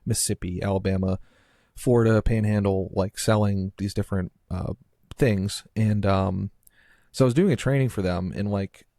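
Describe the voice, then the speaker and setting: Low-voiced rambling man, dry mic. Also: fairly even intonation, normal speed, dark tone, dry recording. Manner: rambling, heavy use of filler "like", trailing restarts. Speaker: podcast host. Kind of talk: casual chat.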